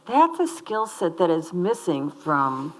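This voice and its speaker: A woman in the audience who asks a question haltingly, pausing as she searches for her words. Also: on the low side, big pitch swings, poor audio. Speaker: audience member asking a question.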